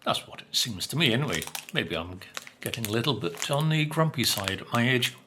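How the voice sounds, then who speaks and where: A noisy background accompanies an older vlogger's casual biscuit tasting, where he muses with plenty of fillers and sometimes talks mid-bite. He has a mid-range voice and speaks in an animated way, a little fast.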